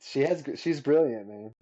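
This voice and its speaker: A man's voice: medium pitch, unhurried, dark tone. A man in his thirties, a guest musician telling stories casually and laughing often. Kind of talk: casual storytelling. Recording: dull lo-fi sound.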